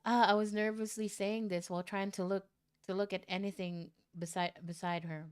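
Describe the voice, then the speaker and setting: A woman streamer reading out a viewer's love story in a casual way, breaking into loud, shocked reactions and swearing. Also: medium pitch, level tone, normal speed, clear, resonant tone.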